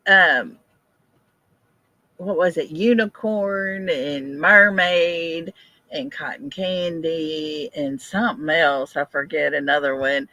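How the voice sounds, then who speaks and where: A woman's voice: deep voice, slow, bright, forceful tone, no room sound. An older woman hosting a casual livestream, chatting, answering viewer comments and laughing often. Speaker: livestream host.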